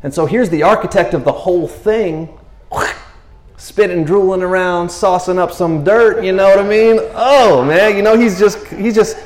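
A man's voice: sits high, moderate pace, a little mellow. A man preaching a casual, rambling sermon, constantly checking in with his listeners. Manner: rambling, chatty, keeps asking "you know what I mean". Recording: roomy echo.

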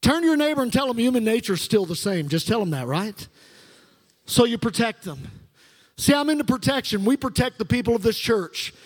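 A man's voice: very high voice, big pitch swings, fairly quick. A middle-aged male pastor delivering a sermon with fervent call-and-response preaching in a church sanctuary. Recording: long reverb of a large hall.

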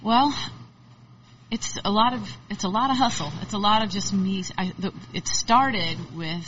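A woman's voice: medium pitch, normal speed, fairly bright tone, distant mic, muffled recording, a little hiss or hum. A woman musician chatting as an interview guest, rambling and laughing often. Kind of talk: casual interview chat.

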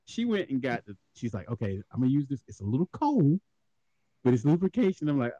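Man telling stories with a lively pitch. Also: brisk, no room sound, dull audio. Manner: animated profane storytelling, laughing often. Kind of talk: casual comedic chat.

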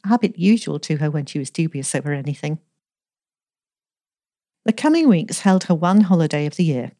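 A woman with a low, mellow voice reads a story aloud in a measured, gently expressive way. The recording is close and dry, with no room sound. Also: no echo. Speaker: story reader. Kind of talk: scripted narration with light character voices.

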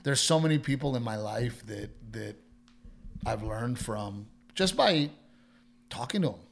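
A man with a medium-pitched, creaky voice tells a story a little slowly in a casual chat, with a bit of hiss or hum on the recording. He's a comedian and a lively storyteller who quotes others by imitating their voices and swears now and then.

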